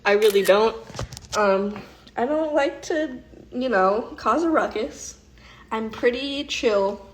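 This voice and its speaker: A woman hosting a casual phone livestream, telling stories in an animated way and saying "like" and "literally" a lot. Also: a little high, slow, slight background noise. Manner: animated storytelling, heavy use of "like" and "literally". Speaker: vlogger hosting an Instagram live.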